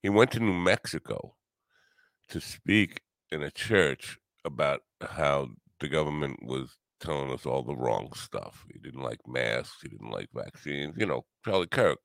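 Gravelly deep-voiced New man, sarcastic. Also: expressive, measured pace, fairly bright tone, no echo, studio quality. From New York. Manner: rambling, wisecracking, sarcastic. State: tired. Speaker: podcast host. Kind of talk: casual solo podcast monologue.

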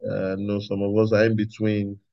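A man's voice: lowish voice, completely flat delivery, moderate pace, lo-fi sound. A man pastoring a prayer meeting, preaching earnestly and repeating himself with frequent hallelujahs. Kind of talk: sermon.

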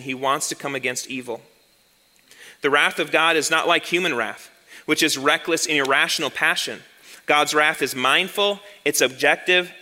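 A male pastor giving an earnest sermon, slowing down and repeating key lines for emphasis. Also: high voice, sharp tone, in a large hall.

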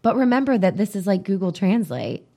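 A woman's voice: medium pitch, very animated, fairly quick, mellow. A woman co-hosting a podcast, chatting casually and rambling as she reads items off a list. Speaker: podcast co-host. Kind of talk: casual chat.

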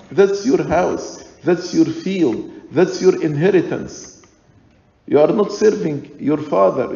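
A man preaching a sermon in slow, deliberate, emphatic points. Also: fairly high pitch, gravelly, dark tone. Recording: echoey church hall, dull lo-fi sound.

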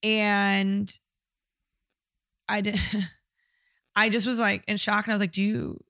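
A woman's voice: medium pitch, little pitch movement, slow pace, bright, forceful tone, no echo, studio quality. A young woman telling a personal story in casual conversation, candid and blunt, swearing often.

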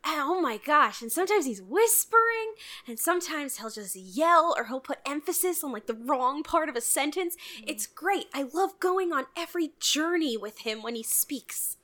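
A woman co-hosting a casual movie podcast, chatting animatedly and acting out scenes in quick voices. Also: high voice, very animated, pushed and bright. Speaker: podcast co-host. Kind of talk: casual chat about a movie.

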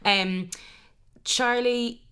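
A woman's voice: fairly high pitch, steady tone, very slow, pushed and bright, smooth. A woman co-hosting a casual podcast, chatty and upbeat as she tells stories. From Ireland. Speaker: podcast co-host. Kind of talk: casual chat.

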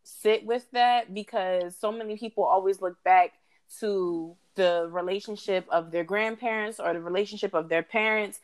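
A young adult woman co-hosts a casual talk show. She talks through relationship advice in a reflective way, stretching her phrases out. Her pitch sits in an ordinary middle range. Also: normal speed. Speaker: podcast co-host. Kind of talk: casual chat.

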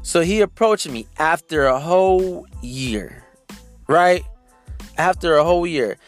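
A man's voice: fairly high pitch, animated, measured pace, faint music behind. A man hosting a podcast, telling a story in a casual, indignant rant and addressing his listeners directly. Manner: indignant, talks straight to listeners. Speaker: podcast host.

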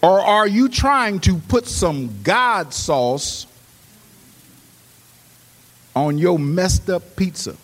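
A man preaching a sermon. He swings between hushed, quick storytelling and loud, rising exhortation. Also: high-pitched, big pitch swings, in a large hall. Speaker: pastor. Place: church.

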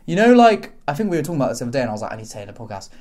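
A man chatting casually on a podcast, telling rambling stories with quick asides. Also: mid-range voice, very animated, a little mellow. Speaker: podcast co-host.

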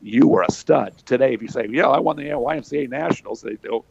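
Here the ex-wrestler from Pennsylvania, an older man and interview guest, rattles off casual anecdotes in a folksy style full of fillers. His mid-range voice is quick and creaky, a little mellow with a breathy edge. There's no room sound, and the high frequencies are cut off.

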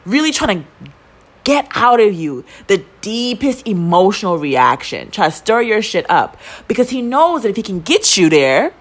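A young woman, telling a story in casual chat as a podcast co-host, profane and quick to indignation. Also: mid-range voice, sing-song.

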